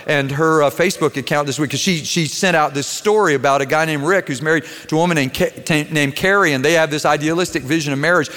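In a hall with long reverb, a man with a fairly bright, higher voice preaches a sermon. He tells stories conversationally and puts direct questions to his congregation.

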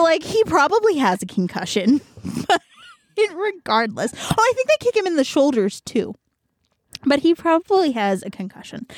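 A young woman hosting a podcast retells a story casually, rambling, giggling and using lots of fillers. Her voice sits high, and the clean studio recording has no echo.

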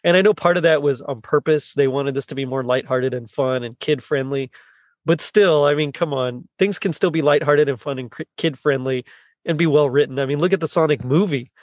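A man's voice: fairly high pitch, a little fast, no echo, clean studio sound. A man hosting a podcast segment in casual chat, laughing often as he talks. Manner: laughs often while talking. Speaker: podcast host.

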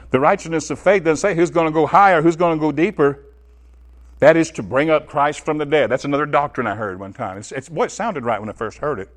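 A man preaching with real animation, his slightly raised voice jumping between loud, high bursts and low, quiet asides. He talks straight to his listeners and keeps pressing them for a response. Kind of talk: sermon.

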